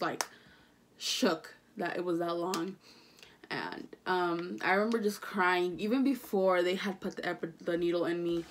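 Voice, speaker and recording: A young woman telling her own story in a casual storytime vlog, chatty and rambling, full of fillers, restarts and casual swearing. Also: medium pitch. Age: young adult. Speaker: vlogger.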